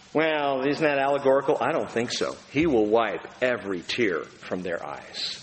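A pastor giving a conversational, humorous sermon to his congregation, acting out quotes. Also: mid-range voice. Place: church sanctuary. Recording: long hall reverb, faint room noise.

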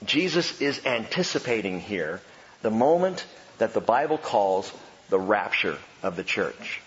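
A man preaching a sermon, emphatic and animated, asking rhetorical questions. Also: fairly low pitch, long reverb tail, muffled recording, slight background noise. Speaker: pastor.

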